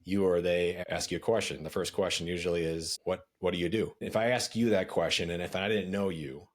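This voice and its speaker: A man with a deep, low voice hosts a podcast conversation. He poses probing questions in a relaxed, conversational way. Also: fairly quick. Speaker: podcast host.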